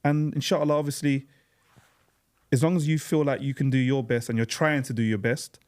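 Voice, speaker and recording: A man's voice: mid-range voice, fairly even intonation, fairly quick, a little mellow, smooth. A man co-hosting a casual podcast, teasing his friends and turning earnest when he gives advice. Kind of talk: casual chat.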